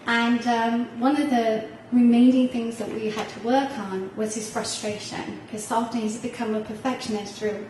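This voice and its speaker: A woman's voice: fairly high pitch, steady tone, moderate pace, hardly any pauses, a little mellow, slight background noise. A middle-aged woman, a parent on a panel, telling a heartfelt personal story with some laughter, recorded from a distance in a hall. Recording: echoey room heard from far off.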